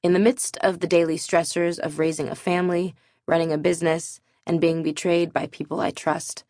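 A woman in her thirties reads her own memoir aloud in a low, grounded voice. She speaks earnestly and candidly, with flashes of self-deprecating humor. The recording is close and dry, with no room sound. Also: little pitch movement, moderate pace, a little mellow, no room sound. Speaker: author narrating her own audiobook. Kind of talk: scripted memoir narration.

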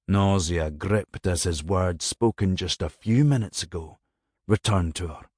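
A man narrating a dramatic novel as an audiobook, measured and expressive. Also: low voice, husky, no room sound, studio quality.

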